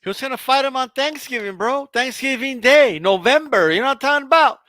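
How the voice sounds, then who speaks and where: A man's voice: extremely high pitch, expressive, a little fast, bright, forceful tone, dry recording. A man co-hosting a boxing show, teasing his partner in casual comedic banter and saying "bro" constantly. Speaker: co-host.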